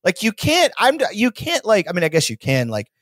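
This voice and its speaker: A man's voice: high voice, wildly swooping pitch, brisk, a bit bright, dry recording, clean studio sound. A man from Texas, a podcast guest, rambling through comedic chat and mocking people he talks about. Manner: rambling, mocking impressions of politicians.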